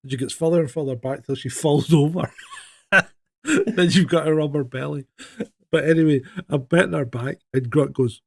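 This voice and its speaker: A man's voice: fairly high pitch, normal speed, creaky. A man co-hosting a live stream, telling stories animatedly with swearing and laughter. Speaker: co-host. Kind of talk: casual live-stream chat.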